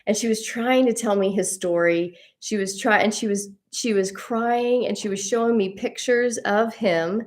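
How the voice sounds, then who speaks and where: Speaking in a mid-range voice at normal speed with few pauses, the host of a spiritual journey series shares a personal story. Her delivery is casual and rambling, full of restarts and laughter.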